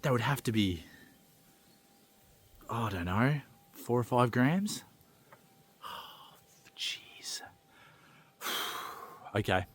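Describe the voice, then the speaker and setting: A man vlogging while prospecting outdoors on the goldfields, keeping his voice low with breathy exclamations. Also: lively intonation, slow pace, long pauses. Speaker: gold prospector.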